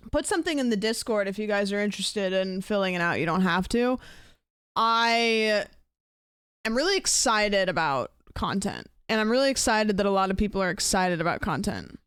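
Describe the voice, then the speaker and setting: A woman's voice: medium pitch, moderate pace, fairly bright tone, clear, resonant tone, no room sound, studio quality. A young woman streamer chatting casually and rambling with her live viewers, thanking them for gifts.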